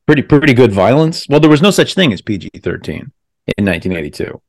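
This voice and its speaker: A man's voice: mid-range voice, sing-song, fast talker, no echo, studio quality. A male podcast host chatting casually over a video call, rambling and correcting himself as he talks.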